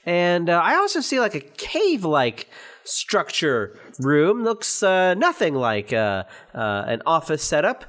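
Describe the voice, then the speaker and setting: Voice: medium pitch, huge pitch swings, unhurried, fairly bright tone. A player in a remote tabletop game, joking and teasing the others while playing. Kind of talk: casual tabletop play.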